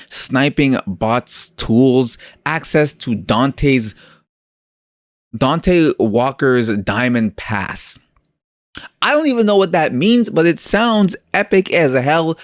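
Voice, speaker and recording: A man's voice: mid-range voice, dry recording, clean studio sound. Jokey man hosting a crypto channel. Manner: jokey, sarcastic asides, many fillers. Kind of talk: casual commentary on a project.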